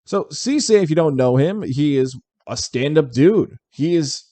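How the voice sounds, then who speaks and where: A man hosting a local sports talk show, giving opinionated commentary and firing off rhetorical questions in an animated way. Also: fairly high pitch, measured pace, dry recording. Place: local show in upstate New York.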